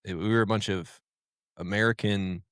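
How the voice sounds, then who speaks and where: Young man, casual podcast chat, low voice, dry close sound, rambling storyteller. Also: steady tone, moderate pace, fairly bright tone, smooth, dry recording. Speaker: podcast co-host.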